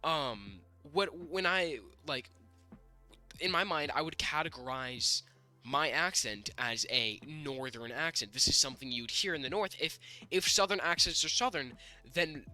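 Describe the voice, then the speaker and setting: Bright-voiced young man chatting. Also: fairly high pitch, normal speed, faint music behind. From northern United States. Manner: rambling, lots of restarts and fillers. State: sick. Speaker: podcast co-host. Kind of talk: casual chat.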